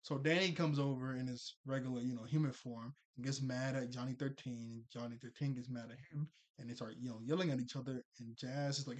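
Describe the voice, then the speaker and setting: A man's voice: mid-range voice, fairly even intonation, brisk, few pauses. A young man casually recapping a cartoon episode, laughing often, correcting himself as he goes and briefly acting out characters' lines.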